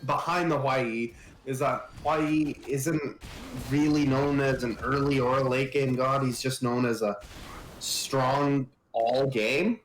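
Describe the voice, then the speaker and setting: A laid-back Canadian man co-casting a video game match, chatting easily about strategy. His voice sits at a middle pitch and rings a bit in an echoey room, with a faint hiss underneath. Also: steady tone, slow pace. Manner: laid-back, laughs easily, explains his team's plan. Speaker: guest caster and team player. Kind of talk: casual esports co-commentary.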